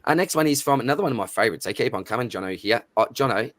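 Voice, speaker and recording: A man's voice: medium pitch, animated, very fast, a bit bright, dry recording, clean studio sound. A man with an Australian accent hosting a live stream in casual chat, matey and chatty as he reads out viewer names. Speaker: livestream host.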